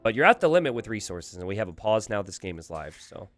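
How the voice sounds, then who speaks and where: A man casting a live strategy game, thinking aloud with animated asides to his viewers. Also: fairly low pitch, fast, soft background music. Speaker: game caster.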